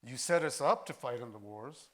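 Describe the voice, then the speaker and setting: An older actor and filmmaker, a man, telling stories in a lively way at a post-screening discussion, acting out voices as he goes. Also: mid-range voice, normal speed. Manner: animated storyteller, acts out voices. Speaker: actor and filmmaker, interview guest.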